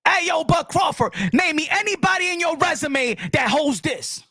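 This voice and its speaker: Heated, high-voiced man ranting about boxing. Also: animated, moderate pace, hardly any pauses. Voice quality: loud, heated, emphatic. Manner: repeats lines for emphasis, profane street slang. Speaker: boxing channel host. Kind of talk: live-stream boxing rant.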